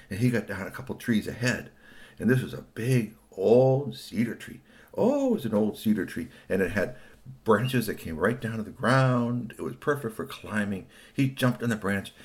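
Animated man telling a children's story. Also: on the low side, normal speed. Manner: animated, swooping between hushed and excited.

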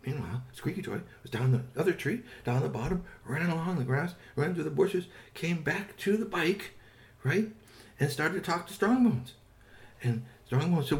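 A man tells a made-up bedtime story to a child in a relaxed, unscripted way. His voice moves up and down with lively pitch. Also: normal speed.

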